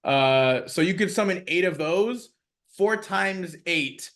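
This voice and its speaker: A male co-host in casual gaming chat, halting and repeating himself as he looks up rules. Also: high voice, expressive, fairly bright tone. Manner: halting, restarts and repeats while looking up rules.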